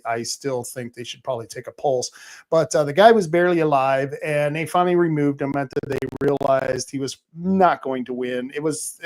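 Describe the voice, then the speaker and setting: A man hosting his own podcast, telling stories in a rambling, animated way with plenty of fillers and restarts. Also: medium pitch. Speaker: podcast host. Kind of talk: casual monologue.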